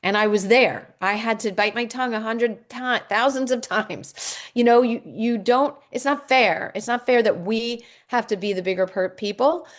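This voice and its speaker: A woman's voice: on the high side, moderate pace. Middle-aged woman divorce coach, reassuring, lots of ums and restarts, workshop q&a vibe. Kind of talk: workshop talk with audience questions.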